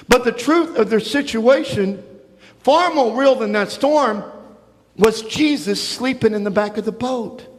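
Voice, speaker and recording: High-voiced man preaching in a reverberant church. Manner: animated storytelling, acting out voices. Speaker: pastor. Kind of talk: sermon with a children's story. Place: church sanctuary.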